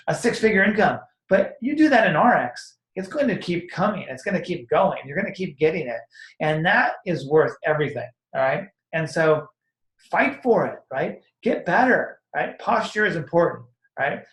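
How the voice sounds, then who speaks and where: A man giving a casual, rambling motivational talk as a network marketing coach, acting out sample conversations with lots of energy. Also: fairly high pitch. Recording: echoey room.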